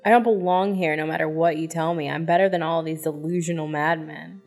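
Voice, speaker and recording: A woman's voice: deep voice, fairly even intonation, fairly quick, a little mellow, faint music behind, voice pushed down. Bitter defensive young male patient, read by a woman; curt, scornful lines.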